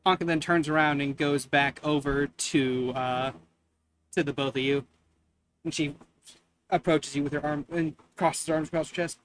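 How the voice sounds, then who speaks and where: A man's voice: on the high side, fairly even intonation, normal speed, slight background noise. A man narrating as game master of a tabletop role-playing game, stumbling and repeating words as he goes.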